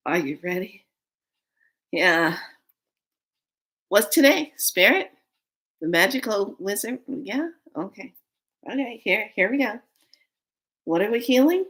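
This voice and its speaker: A woman chatting excitedly as she gives a spiritual card reading, often repeating words for emphasis. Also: medium pitch, unhurried, long pauses. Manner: animated and excitable, breaking into whispers and laughs.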